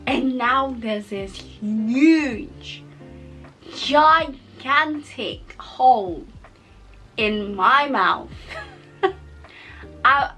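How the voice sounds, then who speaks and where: A woman vlogger sharing a personal testimony in casual storytelling, animated as she acts out her own past reactions, her speech altered by a mouth cover plate. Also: high voice, very slow, long pauses, faint music behind, low-quality recording.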